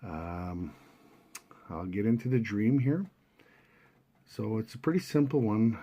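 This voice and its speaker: A man talking casually to his viewers, retelling a dream and its meaning in a relaxed, rambling way with fillers and self-corrections. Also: lowish voice. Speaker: video host recounting dreams.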